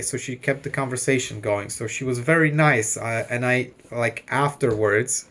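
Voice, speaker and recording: This vlogger, in his thirties, speaks at a moderate pace with a medium, slightly bright voice and hardly any pauses. His casual personal story wanders at length, full of fillers, frequent "like," and swearing.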